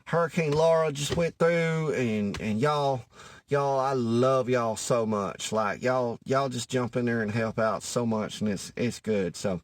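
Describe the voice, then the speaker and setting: A man's voice: medium pitch, a little slow. A man from Louisiana with a Cajun accent, delivering a rambling, profane comedic monologue in a folksy way, often losing his thread. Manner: rambling, profane, loses his thread, says anyways a lot; folksy, calls listeners y'all.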